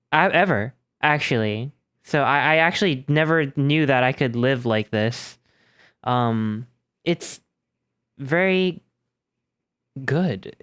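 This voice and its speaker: A young man streams from home, his medium-pitched, slightly bright, smooth voice captured in studio quality with no echo through a desk microphone and audio interface. He rambles and chats casually, constantly restarting and joking at his own expense.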